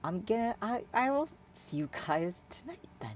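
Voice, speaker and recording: A woman's voice: on the high side, very animated, moderate pace, darkish tone, pitched above the performer's own voice. A woman voicing an awkward, shy young woman with a tail who stammers nervously, on a slightly muffled recording with faint hiss.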